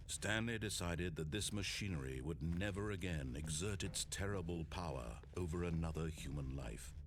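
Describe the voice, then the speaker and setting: A man voicing a game's narrator, telling the story in a grave, theatrical, sweeping way over loud music. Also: sits low, a little hiss or hum. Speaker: game narrator. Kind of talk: dramatic scripted narration. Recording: game audio with loud music.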